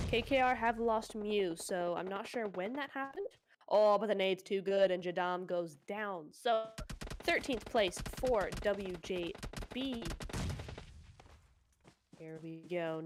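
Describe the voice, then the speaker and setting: A woman casting a mobile shooter tournament live, chatty and quick to exclaim at the action. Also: fairly low pitch, background noise. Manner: excitable, chatty, exclaims often. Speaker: esports caster. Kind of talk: live play-by-play commentary.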